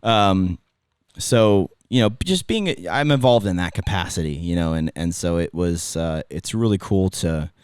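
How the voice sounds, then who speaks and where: A man's voice: deep voice, expressive, unhurried, smooth, dry recording, clean studio sound. A middle-aged man with a Californian accent, a former radio host telling stories in a casual podcast chat, rambling and restarting his sentences. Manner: rambling, self-interrupting storyteller.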